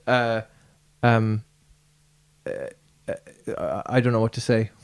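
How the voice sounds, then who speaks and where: A man's voice: mid-range voice, monotone, slow pace, clean tone. A man hosting a podcast in a loose, casual chat, rambling with lots of fillers and restarts. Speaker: podcast host.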